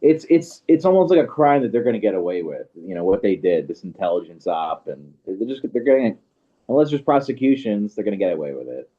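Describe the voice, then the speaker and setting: A man's voice: fairly low pitch, very animated, fairly quick, mellow. A man co-hosting a casual livestream, sounding skeptical and hesitant, with many "you know"s. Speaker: co-host. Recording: dull lo-fi audio.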